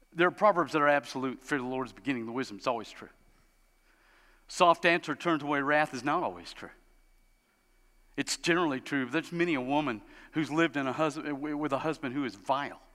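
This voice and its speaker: A man preaching a sermon as a pastor, animated and storytelling, acting out the people he describes. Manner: animated, acts out quoted parents in high voices. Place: church sanctuary. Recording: long hall reverb.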